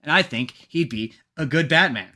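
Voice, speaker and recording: A man's voice: a little high, expressive, normal speed, bright, forceful tone. A man hosting a casual podcast chat, rambling and restarting his sentences. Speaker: podcast host.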